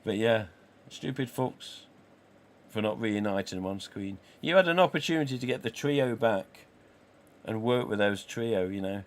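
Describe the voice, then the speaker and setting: An Englishman in his forties hosts a casual live stream, chatting away, swearing freely and acting out the dialogue he quotes. His voice sits on the low side, expressive, at a normal speed.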